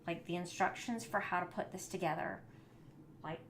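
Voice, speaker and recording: A woman's voice: on the low side, moderate pace, reverberant, a little hiss or hum. A woman hosting a live building stream, chatting casually and muttering in frustration as she builds. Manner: frustrated, muttering and often soft-spoken while building.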